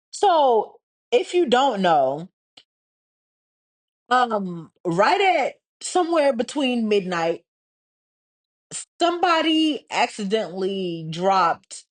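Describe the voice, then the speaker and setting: A young woman from Texas hosting a casual solo podcast, swearing freely and ranting with heated sarcasm. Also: medium pitch. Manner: profane, heated and sarcastic, mocking others in put-on voices. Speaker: podcast host.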